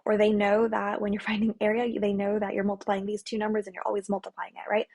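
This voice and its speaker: A young woman math tutor speaks to parents in a husky, slightly breathy voice at a mid pitch. She talks earnestly and plainly, restarting sentences and checking in with a quick "right?" along the way. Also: a little mellow. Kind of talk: talking-head explainer to parents.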